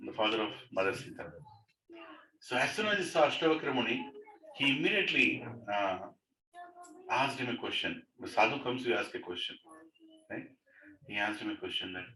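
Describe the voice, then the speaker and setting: A man's voice: lowish voice, expressive, a little fast, long pauses, pushed and bright. A man leading a devotional gathering in a home, telling a story animatedly, chuckling and often asking "right?". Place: living room of a home. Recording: echoey room, mic far off, faint noise.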